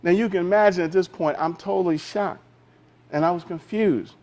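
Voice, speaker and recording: A man, an executive keynote speaker, delivers a speech on a theater stage, telling a personal business story with dramatic pauses and direct questions to the audience. His voice is high-pitched with a darkish tone.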